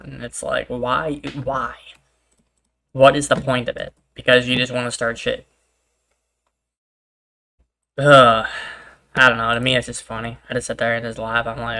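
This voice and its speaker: A man's voice: mid-range voice, flat delivery, a little fast, sharp tone, smooth. A young man streaming a game, chatting casually in a laid-back, rambling way, swearing freely and laughing things off. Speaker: gaming streamer. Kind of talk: casual chat while gaming.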